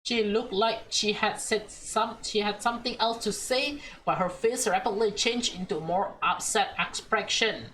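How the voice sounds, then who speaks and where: A woman's voice: medium pitch, fairly bright tone, a little hiss or hum, poor audio. A young woman reading a visual novel aloud and reacting emotionally as she plays. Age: young adult. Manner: emotional, chatty, slow reading. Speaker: let's play streamer.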